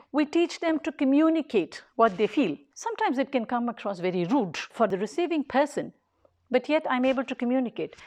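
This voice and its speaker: A woman's voice: high voice, darkish tone. A woman who leads a daycare, giving an earnest public talk in short, emphatic, repeated phrases. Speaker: daycare leader.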